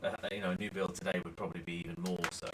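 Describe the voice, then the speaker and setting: A man's voice: deep voice, little pitch movement, racing, background noise. A middle-aged man, co-hosting a casual Q&A chat in a teasing, joking manner. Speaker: co-host of a dance channel Q&A.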